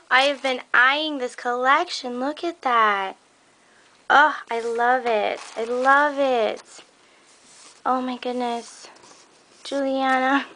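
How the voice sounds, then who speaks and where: A young woman excitedly unboxing craft gifts for her viewers, gushing, gasping and laughing as she talks. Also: high-pitched, a little hiss or hum. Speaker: crafting vlogger opening a swap package. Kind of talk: casual unboxing chat.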